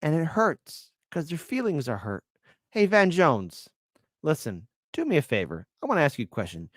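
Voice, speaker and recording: A man's voice: on the high side, normal speed, no room sound, clean studio sound. A man hosting a live political commentary stream, reading out donations and mocking the clips he plays. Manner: animated, mocking, reads donations aloud. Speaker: livestream host.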